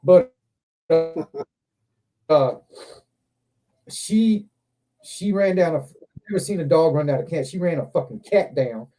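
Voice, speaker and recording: A man with a somewhat high but mellow, dark-toned voice, hosting a casual livestream. He tells long, rambling stories full of swearing, jumping between thoughts and getting animated as he goes. It sounds like relaxed, unscripted chat. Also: takes it slowly, pauses often. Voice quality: profane, rambling, animated anecdotes. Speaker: livestream host.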